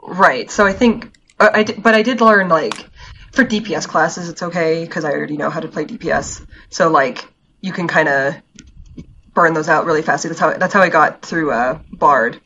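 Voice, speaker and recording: A woman's voice: low voice, normal speed, a bit bright, slight background noise. A woman co-hosting a podcast, bluntly complaining in casual chat with many hesitant fillers. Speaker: podcast co-host.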